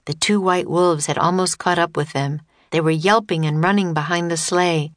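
Woman narrator, children's audiobook, steady, dry booth sound. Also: lowish voice, moderate pace, no echo. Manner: clear, steady storytelling.

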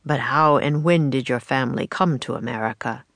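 A woman's voice: very deep voice, normal speed, fairly bright tone, no room sound. A woman voicing a stern, suspicious colonial captain in a storybook reading, with cold, clipped questions.

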